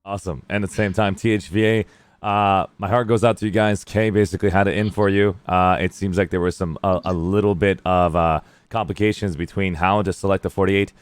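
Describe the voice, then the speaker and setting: A man's voice: low-pitched, steady tone, a little fast, clear, resonant tone, no echo. A man hosting a game tournament stream, chatting casually and rambling with fillers. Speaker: stream host.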